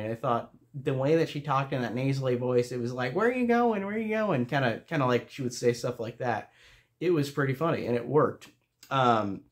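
Man, mid-range voice, casual vlog film reviewer, rambling and filler-heavy, chatty and amused. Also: mid-range voice. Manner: rambling, with many fillers and restarts.

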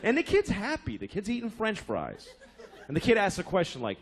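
A man's voice: high-pitched, huge pitch swings, brisk. Exasperated man ranting in a stand-up set. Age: 40s. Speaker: stand-up comedian. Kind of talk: stand-up comedy routine.

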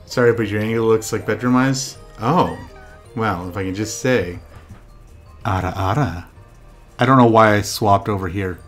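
A man's voice: fairly low pitch, moderate pace, soft background music. Profane young male game streamer. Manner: loud profane outbursts at the game. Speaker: VTuber streamer. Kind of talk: casual game stream chat.

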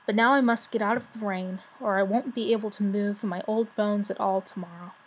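A woman voicing an old male dragon, stiff and weary, speaking softly in a storybook reading. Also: mid-range voice, fairly even intonation, a little fast, husky, lightly acted, rough recording.

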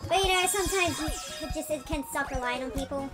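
A young woman hosting a gaming channel, giving excitable let's-play commentary with loud outbursts, squeals and rambling asides. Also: high voice, fairly quick. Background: game music.

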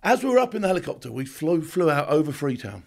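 A man, a former special forces soldier, telling animated war stories as a podcast guest, laughing often and acting out shouts and quotes. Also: on the high side, vocal fry. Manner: fast, laughing anecdotes with acted-out shouts and quotes. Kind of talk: animated storytelling.

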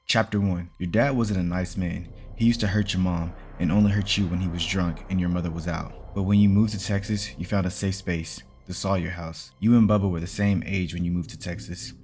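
A man reading a fan story aloud in a plain, steady storytelling manner. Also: low-pitched, brisk, hardly any pauses, slight background noise. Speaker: story reader.

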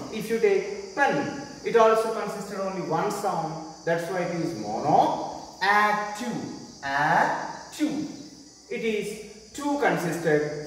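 A man with an Indian English accent teaching an English class, explaining slowly and repeating points with questions to the class. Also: high voice, slight background noise. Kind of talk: classroom lecture. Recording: echoey room, voice far from mic.

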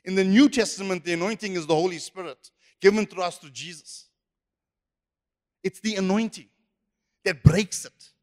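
A man's voice: sits high, normal speed, long pauses, a little mellow. A man preaching a sermon as pastor, emphatic and repetitive. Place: church hall. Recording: echoey church hall.

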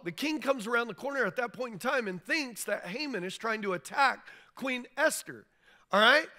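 A man's voice: high voice, sharp tone. A man preaching a sermon, retelling the story in a loose storytelling style and acting out what the figures say in casual modern speech. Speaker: pastor. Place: church.

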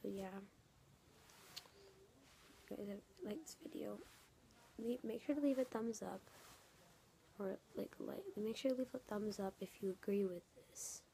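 A woman vlogging in an earnest, emotional way, with a slight gravelly edge. Her tone is mellow and warm rather than bright. She slips between plain talk and a soft half-whisper, circling back to the same phrases. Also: medium pitch, moderate pace, pauses often, a little hiss or hum. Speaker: YouTuber. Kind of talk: emotional casual vlog. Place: home in San Francisco.

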